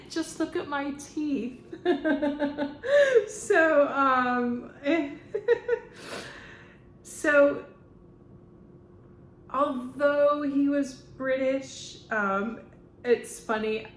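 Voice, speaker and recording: Slow, rambling woman medium in her fifties. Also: mid-range voice. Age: 50s. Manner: rambling, laughs often, slow and halting with many fillers. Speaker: spiritual medium. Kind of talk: casual channeling monologue. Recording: echoey room with faint background noise.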